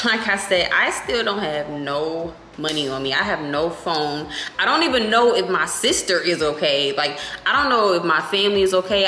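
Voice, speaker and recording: A young woman vlogger telling a story in a casual, animated, profane way. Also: fairly low pitch. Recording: echoey room with faint music.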